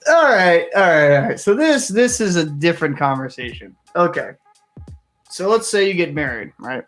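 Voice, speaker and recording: A man's voice: fairly high pitch, sing-song, moderate pace, fairly bright tone, faint music behind. Candid young man reacting casually. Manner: candid, rambling, swears freely. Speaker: reaction video host. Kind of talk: casual commentary.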